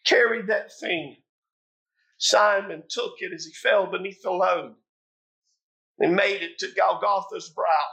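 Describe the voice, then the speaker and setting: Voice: medium pitch, takes it slowly, creaky, long pauses, sharp tone, poor audio. A preacher delivering a sermon in a dramatic, impassioned storytelling manner.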